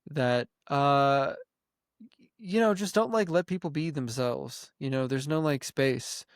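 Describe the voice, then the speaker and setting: A man's voice: medium pitch, a little slow, no echo, clean studio sound. A man co-hosting a podcast, musing in an earnest way, hedging often and swearing casually. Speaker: podcast co-host. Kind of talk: casual chat.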